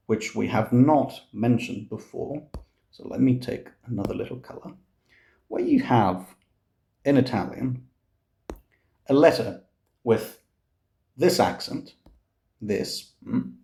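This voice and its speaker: A man teaching Italian diction to singers, explaining words slowly and patiently, repeating each one as a model and often murmuring "mm". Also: medium pitch, vocal fry, a little mellow, echoey room. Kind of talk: relaxed explanatory lesson.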